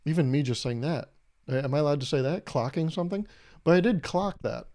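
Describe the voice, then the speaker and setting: A man's voice: fairly high pitch, animated, fairly quick, dark tone. A man in his twenties hosting his own podcast, rambling through a casual solo monologue with self-deprecating jokes and asides. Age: 20s. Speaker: podcast host.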